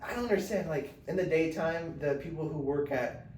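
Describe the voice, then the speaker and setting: A man's voice: fairly high pitch, normal speed. Young man telling a rambling story. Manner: rambling storytelling with slang and acted quotes. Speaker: podcast host. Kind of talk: casual chat. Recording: echoey room, mic at a distance, faint noise.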